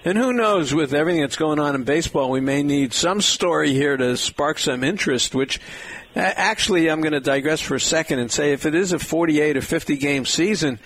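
A man hosting a sports radio talk show, lively and upbeat as he steers the conversation. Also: on the high side, fairly quick, slight background noise. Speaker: radio host. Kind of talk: casual radio chat.

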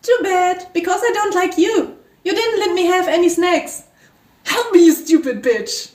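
Woman reading blunt rude girl, high, far from mic. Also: unhurried, darkish tone. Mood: dismissive. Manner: insulting, dismissive. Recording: roomy echo, distant mic.

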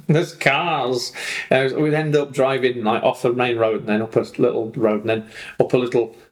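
A man co-hosting a podcast, chatting in an animated way and voicing his dogs for laughs. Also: medium pitch, fairly quick, reverberant, low-quality recording. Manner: animated, acts out his dogs' voices. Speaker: podcast co-host. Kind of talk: casual chat.

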